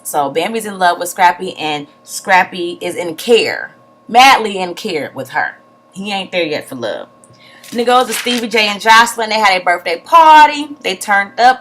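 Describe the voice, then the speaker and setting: Woman, vlogger, casual recap, animated, blunt, swears, mid-pitched voice. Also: brisk. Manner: animated retelling with acted-out quotes, profane, blunt. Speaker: TV show reviewer.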